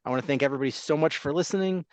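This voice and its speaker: A man's voice: fairly high pitch, very fast, no room sound. Rambling male sports podcast host. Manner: rambling, self-interrupting, laughs easily. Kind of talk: casual sports talk podcast.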